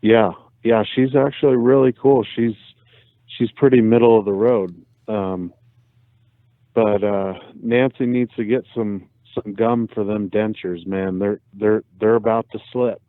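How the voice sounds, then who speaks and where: Low-voiced male caller on a tinny phone. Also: a little slow, dry recording. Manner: relaxed, joking, hesitant with fillers. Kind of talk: phone call-in chat.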